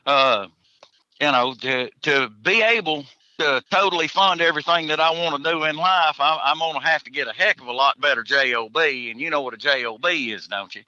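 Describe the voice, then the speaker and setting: A man's voice: fairly high pitch, brisk, sharp tone, no room sound, highs cut off. A man, a hunter chatting as a podcast guest in a folksy, joking way, chuckling between answers. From Tennessee, USA. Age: 40s. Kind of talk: casual podcast interview.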